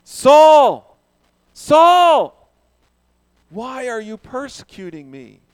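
A preacher voicing a divine male voice that calls out urgently from heaven, shouting. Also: very high voice, big pitch swings, drawn-out words, dry recording, voice pushed up, exaggerated voice.

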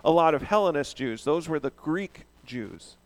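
Animated male preacher with a higher voice. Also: moderate pace. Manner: animated, asks the audience questions. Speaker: pastor. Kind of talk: sermon.

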